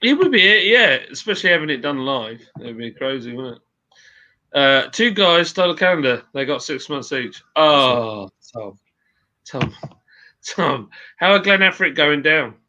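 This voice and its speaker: A man's voice: fairly high pitch, animated, moderate pace, bright, forceful tone, dull audio, slight background noise. A man hosting a casual live stream, chatting with a friend, joking and reading out viewer comments. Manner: chatty, jokey, rambling.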